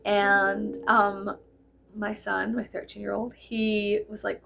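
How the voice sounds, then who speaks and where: A woman in her thirties chatting casually while doing her makeup, animated and laughing, swearing freely as she tells stories. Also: medium pitch, slow, gravelly, noisy background. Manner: animated, swearing, giggly storyteller. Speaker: vlogger. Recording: music playing behind.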